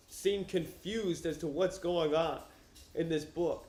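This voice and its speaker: A man's voice: a little high, slow, darkish tone. A man chatting casually and profanely on a livestream from a room at home while wearing headphones, joking around as he reads a novel aloud. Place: room at home with his dog. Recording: roomy echo.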